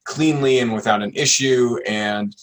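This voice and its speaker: A man's voice: medium pitch, a little slow. A man hosting a podcast, talking earnestly through advice and often checking in with "right?". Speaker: podcast host. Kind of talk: casual podcast chat.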